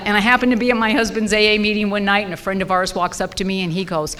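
A woman in her sixties sharing a personal story with a recovery group, blunt and salty, growing loud and laughing. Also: mid-range voice, little pitch movement, fast, hardly any pauses, big-room sound. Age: 60s.

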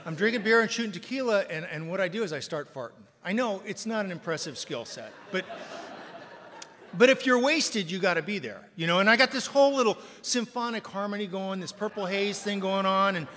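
Guy with a high bright voice cracking up a crowd, big loud punchlines, echoey hall. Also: fairly quick. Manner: animated, acts out voices and punchlines, self-mocking. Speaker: storyteller. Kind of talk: recovery storytelling with comic bits.

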